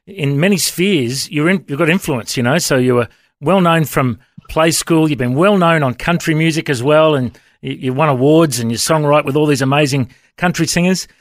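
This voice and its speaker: An Australian man in his forties hosts a breakfast radio chat, friendly and affirming. His voice sits a little higher than most men's. It is recorded close and dry in the studio. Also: normal speed, no room sound. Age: 40s. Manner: friendly, affirming, with many "mate"s. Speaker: radio host.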